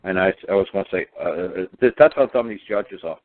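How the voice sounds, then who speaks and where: A man's voice: low-pitched, fairly quick. Guy ranting on a phone line, hammering the same point over and over, thin tinny sound. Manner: emphatic, repetitive, ranting. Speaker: guest. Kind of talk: casual phone-in talk.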